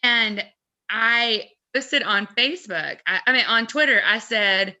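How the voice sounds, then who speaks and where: A woman in a casual live chat, telling an anecdote in an animated, chatty way. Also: fairly high pitch, unhurried, highs cut off. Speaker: co-host of a fan merch live chat.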